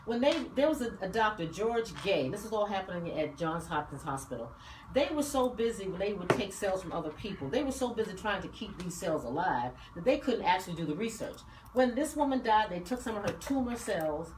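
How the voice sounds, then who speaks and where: A woman hosting a talk radio show, speaking in a passionate, preaching way and talking fast. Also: mid-range voice, very animated. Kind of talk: casual talk radio discussion. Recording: roomy studio, mic at a distance, faint noise.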